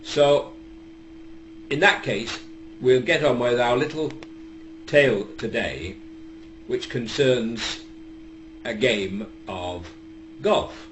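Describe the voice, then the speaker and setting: A man's voice: medium pitch, slow, pauses often. Older Northern English man telling a rambling joke. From England. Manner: deadpan, digressive, lots of hesitations. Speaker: comic storyteller. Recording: echoey room with faint background hum.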